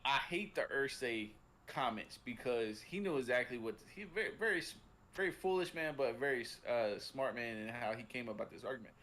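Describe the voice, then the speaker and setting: A man's voice: mid-range voice, lively intonation, moderate pace, fairly bright tone. Rambling casual sports-talk man. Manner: rambling, many restarts and fillers, profane. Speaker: podcast co-host.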